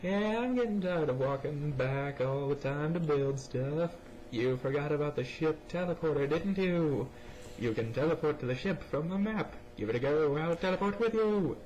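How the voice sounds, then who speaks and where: A man's voice: lively intonation, normal speed, darkish tone, lo-fi sound, slight background noise. A young man gives goofy let's play commentary on a cheap early mic, reading game lines aloud while his voice jumps around. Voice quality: goofy, pitch jumping around. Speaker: gamer.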